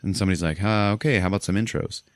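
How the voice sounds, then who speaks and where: A man hosting a casual podcast, walking through a movie's plot with animated asides and plenty of swearing. His voice is low. The sound is close and dry. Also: very fast, no room sound. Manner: animated storyteller, swears, laughs often. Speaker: podcast host. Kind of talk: casual movie recap chat.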